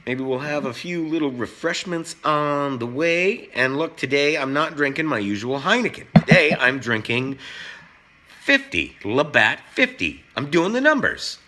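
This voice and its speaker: A middle-aged man hosting a joking, casual cooking vlog, swinging between loud and soft. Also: on the high side, very animated, unhurried. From Canada. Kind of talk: casual talk to camera.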